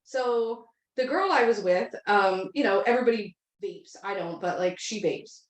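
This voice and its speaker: A woman's voice: mid-range voice, lively intonation, moderate pace. A woman in her thirties telling a long story in a casual, rambling way, full of filler words. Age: 30s. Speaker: podcast co-host. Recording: echoey room.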